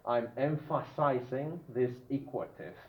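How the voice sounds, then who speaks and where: A man teaching a grammar lesson to a class, often checking in with the students and drawing out his example words slowly. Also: mid-range voice. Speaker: English teacher. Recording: dull lo-fi classroom recording with room echo.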